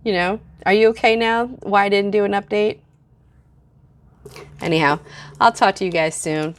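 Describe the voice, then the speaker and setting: A woman's voice: medium pitch, fairly even intonation, moderate pace. Frank, venting woman vlogger. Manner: candid, venting, frequent fillers. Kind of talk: casual vlog.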